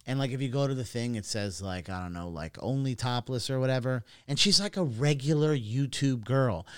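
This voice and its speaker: A man's voice: medium pitch, a little fast, clean tone, dry recording. Dry-sounding man telling a story hesitantly. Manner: hesitant storytelling full of fillers and restarts. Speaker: podcast co-host. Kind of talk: casual chat.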